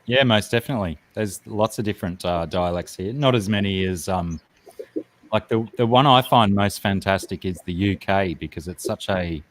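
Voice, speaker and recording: Aussie bloke, lowish voice, loose rambling stream chat. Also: male voice, moderate pace, dry recording. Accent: Australian. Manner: chatty, rambling with fillers. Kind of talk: casual chat.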